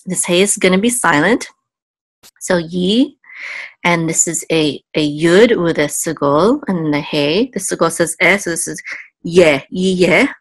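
A woman teaching biblical Hebrew word by word, slow and careful, with many ums and restarts. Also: fairly low pitch, no echo, low-quality recording. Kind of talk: patient word-by-word lesson.

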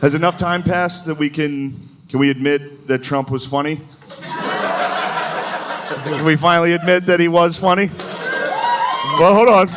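A man's voice: on the high side, steady tone, moderate pace, pauses often, very noisy. A man doing a live stand-up comedy set, talking loosely and crudely and chuckling at his own jokes.

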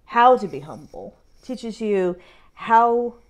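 Slow, emotional young woman tarot vlogger. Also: on the high side, animated. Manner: emotional, sighing and laughing through tears. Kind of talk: casual self-reading vlog.

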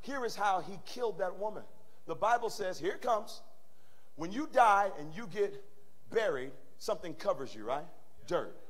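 Guy pastor preaching, high voice, really lively pitch, goes soft then hollers. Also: moderate pace. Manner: animated preaching, swings from soft to shouting. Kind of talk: sermon. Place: church sanctuary.

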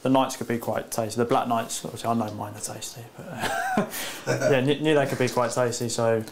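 A man calmly explaining tabletop game tactics after a match, with some fillers. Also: medium pitch, normal speed, background noise. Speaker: tabletop wargame player. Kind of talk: casual post-game chat.

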